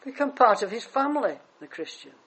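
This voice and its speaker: A preacher giving a sermon, retelling a Bible story dramatically and swinging between loud emphasis and hushed asides. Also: medium pitch, sing-song, fairly quick, husky, rough recording.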